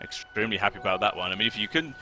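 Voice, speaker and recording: Bright, lively esports play-by-play man. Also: on the low side, racing, slight background noise. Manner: excitable, rises sharply on big plays. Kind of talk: live esports play-by-play commentary.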